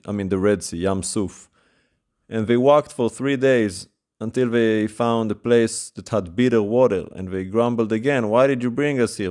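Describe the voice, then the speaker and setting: A man preaching a sermon, retelling stories in a lively, conversational way with emphatic rises in his voice. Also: mid-range voice.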